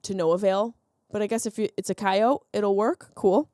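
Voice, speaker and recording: A comedian hosting her podcast, a woman giving an animated, sarcastic monologue that keeps jumping into silly voices. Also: medium pitch, moderate pace, dry recording, clean studio sound. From Sicilian heritage, lives in Los Angeles.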